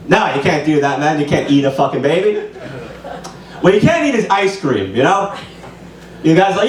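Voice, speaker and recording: A man's voice: a little high, big pitch swings, normal speed, long pauses. A young man in his twenties doing loose, profane, rambling open-mic stand-up in a small club. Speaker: stand-up comedian. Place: small comedy club stage. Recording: roomy room sound from a distance.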